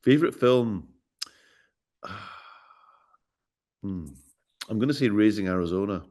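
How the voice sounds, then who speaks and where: Joking Glaswegian man, low voice. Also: animated, a little slow, darkish tone. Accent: Glaswegian Scottish. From Scotland. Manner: joking, playful storyteller. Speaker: actor guest. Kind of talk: casual interview chat.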